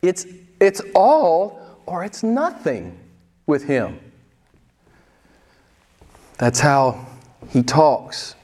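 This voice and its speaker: A man's voice: on the high side, huge pitch swings, drawn-out words, pauses often, a little mellow. A pastor in his sixties preaching a candid, conversational sermon and putting pointed questions to his congregation in a church. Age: 60s. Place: church sanctuary.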